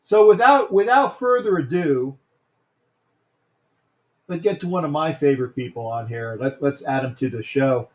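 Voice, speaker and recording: A man's voice: medium pitch, fairly even intonation, moderate pace, long pauses, a little mellow. A man hosting a casual sports talk livestream, greeting viewers by name and often repeating himself.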